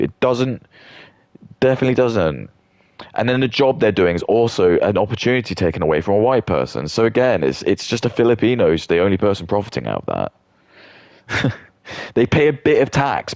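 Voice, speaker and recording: A British streamer in his thirties, speaking British English with a lowish, darkish voice, goes on a rambling, blunt rant full of stammering restarts. The recording is studio quality with no echo.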